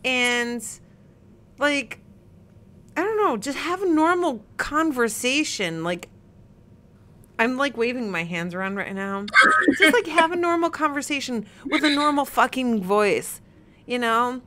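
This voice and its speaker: A woman's voice: sits high, expressive, a little slow, bright, forceful tone, a little hiss or hum. A woman co-hosting a casual podcast, ranting heatedly and swearing a lot as she reads viewer comments. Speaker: podcast co-host.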